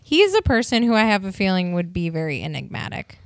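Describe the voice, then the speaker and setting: A woman co-hosting a podcast in casual chat, chatty and quick to correct and explain. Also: medium pitch, very animated, no room sound, studio quality. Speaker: podcast co-host.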